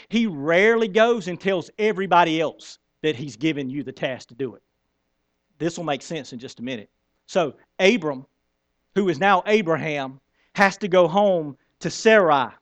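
A man preaching a sermon in an animated, conversational storytelling manner. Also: high-pitched, dry recording. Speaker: pastor.

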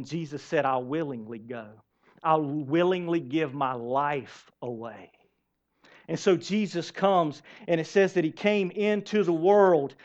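High-voiced male pastor preaching. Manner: animated preaching with rhetorical questions to the congregation. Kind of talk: sermon. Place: church. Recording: dull lo-fi sermon recording.

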